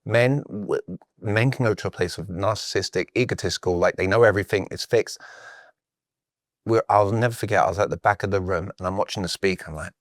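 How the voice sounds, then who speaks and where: British man telling lively stories. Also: lowish voice, fast, no echo, studio quality. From Britain. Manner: animated storyteller who acts out quoted exchanges. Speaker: sales coach and guest. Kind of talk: casual podcast conversation.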